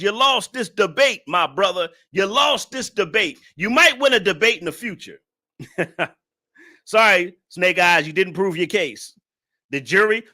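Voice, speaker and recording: A man hosts a casual live stream, responding to his chat with teasing jabs and plenty of laughter. His bright, sharp voice swings widely in pitch as he speaks.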